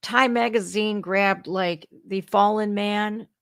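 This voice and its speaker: Slow-talking blunt woman in her forties. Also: medium pitch, steady tone, fairly bright tone, dry recording, clean studio sound. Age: 40s. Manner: blunt, profane, sarcastic. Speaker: livestream host. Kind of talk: casual political reaction chat.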